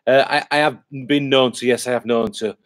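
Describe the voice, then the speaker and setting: A man's voice: mid-range voice, fairly even intonation, fairly quick. Chatty man on a livestream. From England. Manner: rambling, chatty, many fillers and restarts. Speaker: vlogger hosting a live stream. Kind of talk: casual live-stream chat reading comments.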